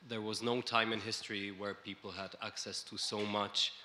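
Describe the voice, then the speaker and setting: A man speaking as a panelist at a conference, in a measured way with frequent restarts. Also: fairly low pitch, level tone, bright, forceful tone. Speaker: panelist, EU official. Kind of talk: panel talk. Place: conference hall.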